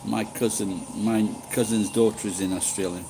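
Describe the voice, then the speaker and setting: A man's voice: lowish voice, fairly even intonation, moderate pace, gravelly, background noise. A middle-aged man chatting casually with live-stream viewers, rambling and swearing freely. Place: living in Japan.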